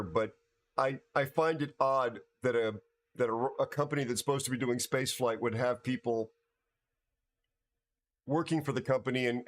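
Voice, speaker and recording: A man hosts a livestream, worn out from a night without sleep. He talks casually to his viewers at a middling pitch, halting and restarting, repeating words as he goes. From United States. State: tired from no sleep. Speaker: livestream host.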